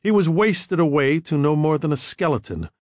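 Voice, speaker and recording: A man narrating an audiobook in a measured, even manner. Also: on the high side, no room sound, clean studio sound.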